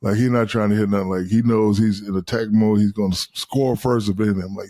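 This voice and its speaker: A man, telling animated, profane stories as a guest on a casual talk show. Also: on the low side, quick pace. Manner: animated, profane, acts out quotes. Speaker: guest, retired basketball star. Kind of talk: casual storytelling.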